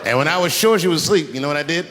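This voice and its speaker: A man doing stand-up storytelling, animated and swinging between hushed asides and loud outbursts, recorded in a reverberant live hall. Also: a little high, background noise. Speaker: stand-up comedian.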